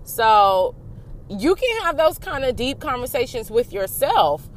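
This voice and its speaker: A woman vlogs casual, frank and profane self-help advice as a motivational monologue, acting out both sides of a conversation with herself. Her voice sits high and is very animated yet unhurried, with slight background noise.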